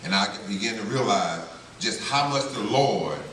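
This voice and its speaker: A man's voice: lowish voice, lively intonation, normal speed, fairly bright tone. A man from North Carolina giving an earnest, story-driven testimony at a banquet, acting out the voices of people in his story. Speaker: banquet speaker. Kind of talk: testimony speech. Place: banquet hall. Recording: echoey hall, speaker far from mic, faint hiss.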